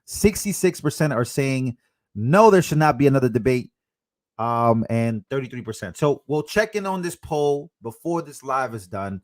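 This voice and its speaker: A man hosting a political livestream, casual and chatty with quick asides. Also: medium pitch, lively intonation, darkish tone. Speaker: livestream host. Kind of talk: live commentary stream.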